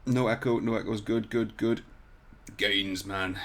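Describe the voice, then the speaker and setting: A man with a lowish, steady, slightly bright voice talks a little slowly. He hosts a CAD tutorial livestream from a hotel room, chatting and joking with viewers with the odd swear word. His desk microphone has neither pop filter nor shock mount.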